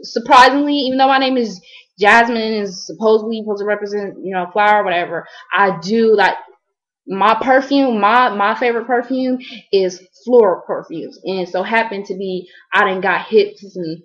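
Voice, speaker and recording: A woman's voice: medium pitch, moderate pace, highs cut off. A woman from Columbus, Ohio, telling a story in a casual vlog, rambling and slangy with lots of fillers. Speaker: vlogger.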